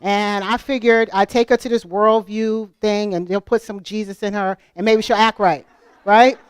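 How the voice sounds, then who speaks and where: A middle-aged American woman speaking at a homeschool convention, telling personal stories in an animated, conversational way and asking the audience questions. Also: mid-range voice, moderate pace, clear, resonant tone, no room sound. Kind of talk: storytelling conference talk.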